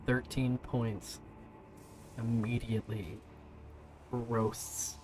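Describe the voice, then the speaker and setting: A man's voice: on the low side, little pitch movement, moderate pace, music in the background, low-quality recording. A man narrating a tabletop game as game master, loose and rambling with many fillers.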